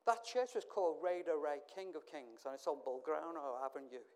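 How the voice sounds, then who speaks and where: A middle-aged man from England preaching a sermon, telling stories and swinging from hushed asides to loud, emphatic calls. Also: a little high, normal speed.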